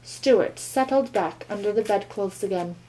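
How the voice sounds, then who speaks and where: A woman reading a children's novel aloud with calm, expressive storytelling. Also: mid-range voice, measured pace, poor audio. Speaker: reader.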